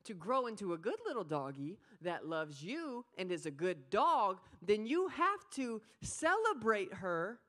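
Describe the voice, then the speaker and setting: Woman doing a patient dog trainer, coaxing and instructive, bright tone. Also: medium pitch, sing-song, measured pace, hardly any pauses. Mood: advising. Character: patient female dog trainer giving advice.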